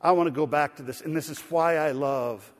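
A middle-aged man preaching a sermon, telling a folksy story with laughter in an animated way. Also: on the high side, brisk. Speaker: pastor. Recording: sanctuary reverb.

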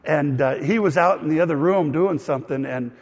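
A man's voice: on the high side, fairly quick, in a large hall. A man, a pastor, telling a personal story in a sermon with a conversational, self-deprecating style.

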